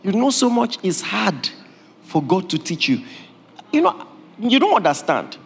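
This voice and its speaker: A man, preaching a sermon as pastor in a humorous, animated way, laughing often. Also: high voice, a little slow, gravelly, husky. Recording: long reverb of a hall, faint ambience.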